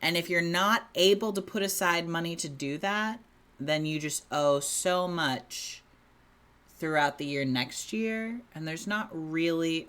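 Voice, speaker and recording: A woman's voice: sits low, a bit bright. A woman co-hosting a casual livestream, chatty and self-deprecating, often breaking into giggles. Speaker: livestream co-host.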